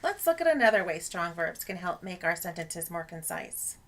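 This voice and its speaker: A woman's voice: fairly low pitch, very animated, moderate pace, a bit bright. Woman narrating a writing lesson. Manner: clear, explanatory teaching tone. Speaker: writing instructor. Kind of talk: scripted instructional narration.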